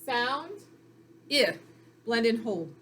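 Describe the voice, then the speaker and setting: A woman teaching young children phonics in a recorded lesson, speaking slowly and clearly in an encouraging way. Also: on the high side, animated, fairly bright tone, slight background noise.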